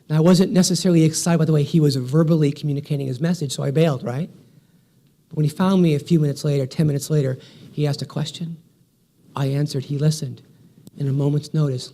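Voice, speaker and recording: A man's voice: on the high side, dark tone. A man in his forties giving a motivational keynote speech, telling stories with energy and a punchy rhythm. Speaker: keynote speaker.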